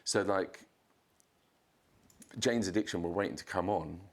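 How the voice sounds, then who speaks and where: Deep-voiced guy spinning a crazy story, swears a lot, does the voices higher. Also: a little slow. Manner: animated storyteller, swears, acts out quotes in a raised voice. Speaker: podcast guest, photographer. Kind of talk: casual anecdote telling.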